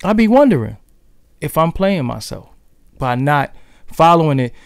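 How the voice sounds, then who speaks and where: A man's voice: fairly high pitch, sing-song, normal speed, clean tone, dry recording, clean studio sound. A man with a Brooklyn New York accent, chatting loosely and profanely with his livestream viewers. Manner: loose and profane, talks straight to the chat. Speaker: livestream host. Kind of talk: casual livestream chat with viewers.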